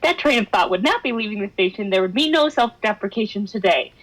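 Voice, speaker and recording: With poor audio quality, a young woman streamer reads fan fiction aloud dramatically, breaking into laughter and wry side comments. Her medium-pitched voice is lively in intonation and quick in pace.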